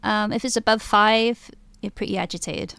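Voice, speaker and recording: A woman's voice: mid-range voice, steady tone, moderate pace, gravelly, a bit bright, clean tone. A woman narrating a tabletop role-playing game as game master, describing scenes in a rambling way with many fillers.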